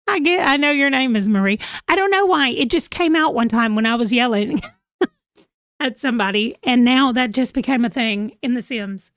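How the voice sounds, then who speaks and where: A woman's voice: high voice, lively intonation, a little slow, fairly bright tone, no echo, studio quality. Chatty, giggly woman streaming. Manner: chatty and giggly, reacting to viewer comments. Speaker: livestream host. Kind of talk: casual livestream chat reading comments. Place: home room, holding a pet.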